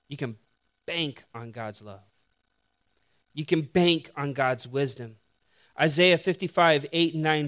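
A man preaching a casual, animated sermon, telling a story with sound effects and then reading scripture quietly. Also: fairly high pitch, slow, pauses often. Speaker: pastor.

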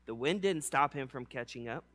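A man preaching a casual sermon, slangy and conversational, telling the story with animated acted-out bits. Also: medium pitch, moderate pace.

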